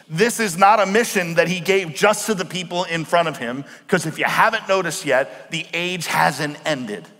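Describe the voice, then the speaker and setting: A man preaching a sermon as pastor, explaining words slowly and asking the congregation questions. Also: a little high, a bit bright. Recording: long hall reverb.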